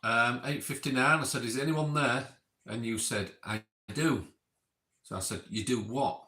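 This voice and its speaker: A man's voice: medium pitch, moderate pace, sharp tone. A man casually reading back timestamped notes from an experiment session, adding chatty asides. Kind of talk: casual recap reading out logged remarks. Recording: roomy echo.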